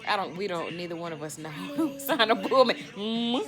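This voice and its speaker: A woman's voice: mid-range voice, animated, normal speed, over music. A young woman in a casual home video, playfully coaxing her baby to make animal noises and laughing often. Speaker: vlogger playing with her baby. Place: home room.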